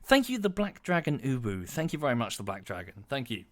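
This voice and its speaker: A man's voice: mid-range voice, very animated, brisk, a bit bright. A man casually narrating his strategy game on a livestream, thinking aloud and thanking viewers as he plays. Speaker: streamer playing a strategy game. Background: game music.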